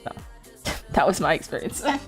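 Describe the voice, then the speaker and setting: Young woman, streamer chatting while drawing, low voice, rambling, laughs a lot, faint music behind. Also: very animated, a little fast. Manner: laughs often, swears freely, rambling and playful. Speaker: streamer and digital artist.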